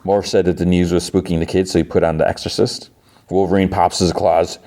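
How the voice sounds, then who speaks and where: A man's voice: low-pitched, level tone, brisk, dark tone. A man hosting a podcast, casually recapping a TV episode in a chatty, filler-heavy way. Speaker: podcast host.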